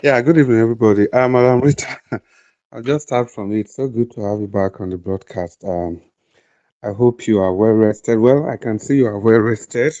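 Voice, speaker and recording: Man, low and mellow voice, polite caller heard over a dull, muffled line. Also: normal speed. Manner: polite, greets host. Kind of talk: live audio room discussion.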